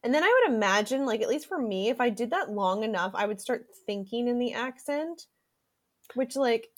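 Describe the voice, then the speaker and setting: A woman's voice: on the high side, lively intonation, moderate pace. A young woman co-hosting a casual chat podcast, playful and self-deprecating, addressing listeners directly. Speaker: podcast co-host.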